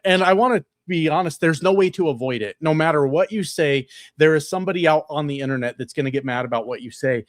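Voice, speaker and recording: A livestreamer and political candidate chats casually and reads viewer comments, loose, profane and chatty with frequent fillers and laughs. His slightly high voice is close-miked on an upgraded desk microphone, sounding dry with no room sound in a home room fitted with sound panels.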